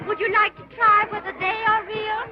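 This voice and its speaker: A woman's voice: extremely high pitch, flat delivery, normal speed, highs cut off, crowd noise. An actress playing a playful young woman visiting a fairground, in 1930s film style. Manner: light, playful. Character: giggly young woman at a fair. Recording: distant voice on noisy old film track.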